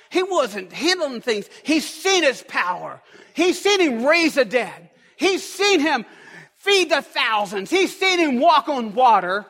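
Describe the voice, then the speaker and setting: A man's voice: extremely high pitch, very animated, measured pace, fairly bright tone. A man preaching a sermon as pastor in a church, with an emphatic, repetitive cadence. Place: church sanctuary. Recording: long echo of a large hall.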